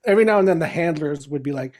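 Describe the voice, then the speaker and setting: A middle-aged man with a notably high voice for a man, telling stories in a casual podcast chat. He is animated and laughs often, slipping into other people's lines as he goes. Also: racing. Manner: animated, laughing storyteller who acts out quotes. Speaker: podcast guest, comic writer. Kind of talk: casual anecdotal storytelling.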